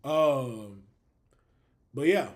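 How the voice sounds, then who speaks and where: A man hosting a live stream, talking to his chat in a loose, unscripted way. His voice sits in the middle of the pitch range but leaps up and drops low as he gets excited, breaking into laughter and cursing freely. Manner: animated, laughing, swearing, drawn-out fillers. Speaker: livestream host. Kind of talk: casual livestream chat.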